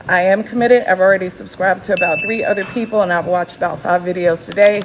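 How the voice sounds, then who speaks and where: A woman's voice: lowish voice, steady tone, quick pace, background noise. A woman in her fifties vlogging unscripted from a gym while walking on a treadmill, a little out of breath, giving emphatic encouragement. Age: 50s. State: slightly out of breath. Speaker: YouTube channel host. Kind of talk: unscripted motivational vlog.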